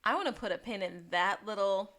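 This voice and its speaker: A woman's voice: mid-range voice, fairly quick. A woman co-hosting a podcast, recapping a TV episode in casual chat and livening it up with quoted lines. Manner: lively retelling, slipping into quoted voices. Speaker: podcast co-host.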